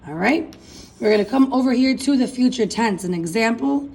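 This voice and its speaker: A woman's voice: a little high, expressive, moderate pace, darkish tone, husky, rough recording. A woman teaching a recorded class lesson, chanting verb endings aloud and addressing her students as folks. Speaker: Spanish teacher.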